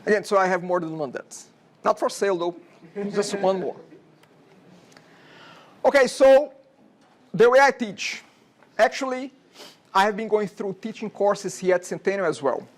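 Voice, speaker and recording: Brazilian-accented male instructor, high voice. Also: animated, normal speed, long pauses. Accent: Brazilian Portuguese. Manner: chatty, digressive, frequent "okay?" checks. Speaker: college instructor. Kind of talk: classroom lecture. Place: classroom.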